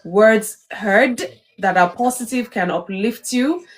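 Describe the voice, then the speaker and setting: A woman co-hosting a live stream discussion, recapping the topic and asking questions in a measured way. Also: on the high side, a little hiss or hum. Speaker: co-host of live talk show.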